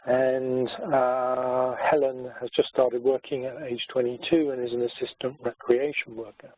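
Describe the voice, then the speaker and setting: A man's voice: mid-range voice, level tone, measured pace, dry recording. A man giving a genealogy presentation as a society chairman, speaking hesitantly with many fillers. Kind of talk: presentation talk. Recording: tinny phone-like sound.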